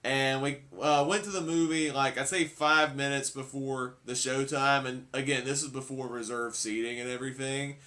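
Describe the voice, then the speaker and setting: A man's voice: mid-range voice, steady tone, normal speed, hardly any pauses, pushed and bright. A man answering as a guest in a casual interview, easygoing and full of "uh" and "you know".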